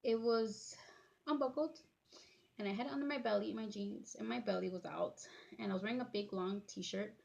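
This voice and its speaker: A woman in her thirties tells a personal story to her viewers, her speech halting and full of fillers and restarts. She sounds tearful, and her voice has a gravelly edge. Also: mid-range voice, a little mellow. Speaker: vlogger.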